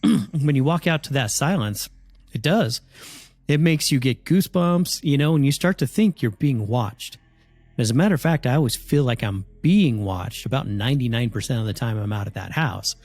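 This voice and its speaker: A man telling a spooky story in a casual, animated way, often acting out the voices of the people in it. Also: mid-range voice, normal speed, no echo. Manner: animated, acts out voices in his stories.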